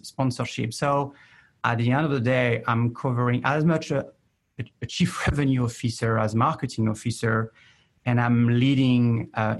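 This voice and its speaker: A man from France with a French accent, a marketing executive speaking in a measured, slightly hesitant way. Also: medium pitch. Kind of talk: interview talk.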